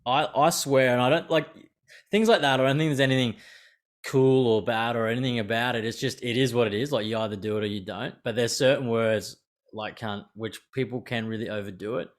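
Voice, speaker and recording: On an unscripted podcast, a young Australian host chats with an animated energy, swearing freely and slipping into quick impressions of others. His voice sits at an average male pitch.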